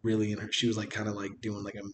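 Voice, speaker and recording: A man's voice: fairly low pitch, completely flat delivery, rapid-fire, slight background noise. A man in casual chat, rambling with lots of fillers, joking around and laughing often. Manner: jokey, breaks into mock voices.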